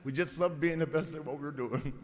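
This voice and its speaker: A man in his sixties giving a rambling, emotional acceptance speech full of stories, stammering and laughing, close to tears. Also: fairly high pitch. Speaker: hall of fame inductee. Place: large arena hall before an audience. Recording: long hall reverb, crowd noise.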